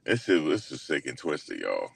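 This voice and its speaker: A young man hosting his own channel, retelling a story in a loose, slangy way full of fillers, animated and incredulous as he quotes others. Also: very deep voice, moderate pace, vocal fry, husky. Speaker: host. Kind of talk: casual storytelling recap.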